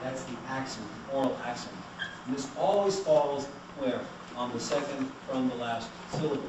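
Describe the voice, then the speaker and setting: A man's voice: mid-range voice, moderate pace. A man giving a classroom lecture, explaining patiently and putting questions to the class. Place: lecture room. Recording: very echoey, distant, noisy room recording.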